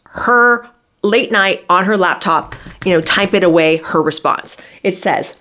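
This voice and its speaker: Woman commentator, worked-up sarcastic monologue, slightly low register. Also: unhurried, pushed and bright. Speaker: commentary vlogger. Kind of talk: opinionated monologue.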